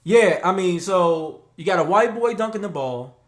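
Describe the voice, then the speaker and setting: A man co-hosting a casual talk show, animated and slangy, laughing often. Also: high voice, moderate pace, roomy sound. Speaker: podcast co-host. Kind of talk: casual chat.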